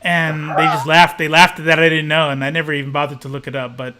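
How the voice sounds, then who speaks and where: A young man co-hosting a casual live stream, animated and rambling, swearing freely. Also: on the high side, fast talker, noisy background. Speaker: co-host of a comics podcast.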